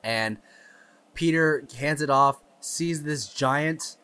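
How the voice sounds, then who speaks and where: A man's voice: a little high, takes it slowly, bright, forceful tone, clear, resonant tone. A man co-hosting a podcast, eagerly retelling movie scenes in casual chat. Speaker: podcast co-host.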